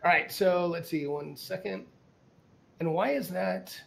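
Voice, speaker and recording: A man's voice: high-pitched, unhurried, vocal fry, a bit bright. A man running a tabletop game as game master, narrating casually with many restarts.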